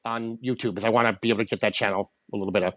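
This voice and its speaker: A man voicing a lovelorn male puppet, talking fast in a high, stammering puppet voice. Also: steady tone, fairly bright tone, no room sound, lightly acted. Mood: bantering. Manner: fast, stammering, laughing self-defense. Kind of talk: casual chat.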